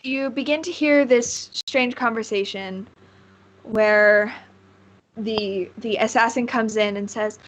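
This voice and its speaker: A woman narrating a tabletop game as game master, relaxed and rambling with frequent fillers. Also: fairly high pitch, slow pace, a little hiss or hum, poor audio.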